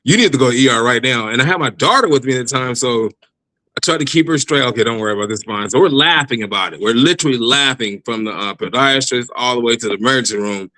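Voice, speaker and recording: A man telling his personal faith testimony in a casual interview, animated, laughing often and restarting his sentences. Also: mid-range voice, quick pace, no echo, low-quality recording. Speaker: guest giving testimony.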